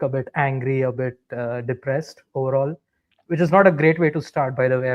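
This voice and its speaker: A man joining a football show call, speaking in a measured, reflective way with hesitant fillers. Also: medium pitch. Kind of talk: casual discussion. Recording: dull lo-fi call audio.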